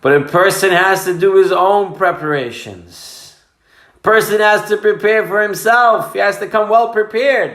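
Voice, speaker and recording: A rabbi preaches emphatically in a sermon built around a story, weaving in Hebrew and Yiddish terms. His voice is high-pitched and a bit bright, moving at a moderate pace, and the room gives it an echoing sound.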